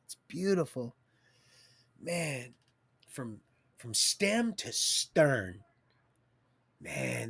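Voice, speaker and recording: A man talking off the cuff on a livestream, rambling and preachy, swinging between hushed asides and loud emotional outbursts. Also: mid-range voice, big pitch swings, very slow, vocal fry, pauses often, slightly rough, no room sound.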